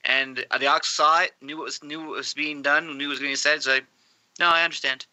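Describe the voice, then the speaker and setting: A man's voice: a little high, little pitch movement, a little fast, sharp tone, no room sound, poor audio. A man co-hosting an anime podcast, talking in an easygoing, agreeable way. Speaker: podcast co-host. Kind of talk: casual anime podcast chat.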